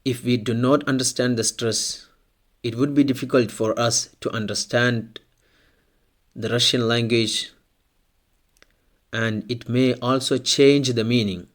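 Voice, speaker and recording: A male teacher talks through a pronunciation lesson at an unhurried, measured pace. His pitch sits in an ordinary middle range, and he says each example word twice so it sinks in. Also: fairly even intonation. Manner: slow, deliberate, repeats example words. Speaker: language teacher. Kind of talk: scripted language lesson.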